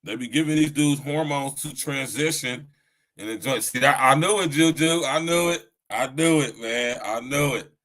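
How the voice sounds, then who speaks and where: A man's voice: medium pitch, normal speed, fairly bright tone, rough recording. A man hosting a casual live podcast, talking loose and profane with lots of slang and laughter. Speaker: podcast host. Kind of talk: casual live-stream chat.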